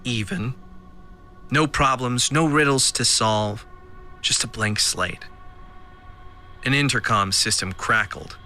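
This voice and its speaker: A man reads a scripted audio drama in the first person, dry and a little wry. His voice is bright and crisp, with faint music behind. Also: mid-range voice, slow, long pauses. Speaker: narrator.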